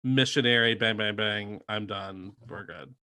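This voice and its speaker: A man's voice: lowish voice, unhurried, bright, forceful tone. A man co-hosting a podcast, chatting casually and laughing as he recaps a TV episode with mocking impressions. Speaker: podcast co-host.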